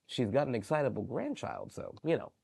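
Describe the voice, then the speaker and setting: A man working as a library storyteller, reading bedtime stories to young children in a gentle, animated way. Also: mid-range voice, brisk, gravelly, husky, no room sound.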